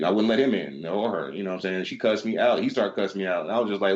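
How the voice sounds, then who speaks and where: A man co-hosting a casual podcast, talking fast and running his stories together with a fairly low voice. He swears freely and acts out both sides of each exchange. The audio is dull and lo-fi. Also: a little mellow. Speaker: podcast co-host. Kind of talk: casual chat, storytelling.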